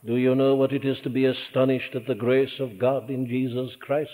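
An older man with a Welsh accent preaching a sermon, earnest and fervent, rising in emphasis and dropping low for quiet lines. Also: little pitch movement, normal speed. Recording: tinny archival church sermon recording with long hall reverb.

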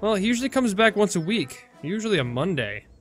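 A fretful, fussing cat owner whose voice rides high and anxious, as a man puts him on while reading game dialogue. He frets with a lifted, worried lilt, and a faint bed of music plays under him. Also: sing-song, brisk.

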